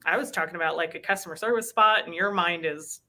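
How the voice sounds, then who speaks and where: A woman speaks earnestly as a guest in an interview, sprinkling her talk with "um" and "you know". Her voice sits a little low yet sounds bright and forceful. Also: quick pace. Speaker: bank recruiter. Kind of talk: conversational interview.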